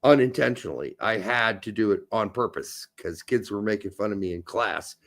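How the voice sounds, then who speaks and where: A man co-hosting a podcast in casual, crude chat, loud and excitable. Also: lowish voice, moderate pace. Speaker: podcast co-host.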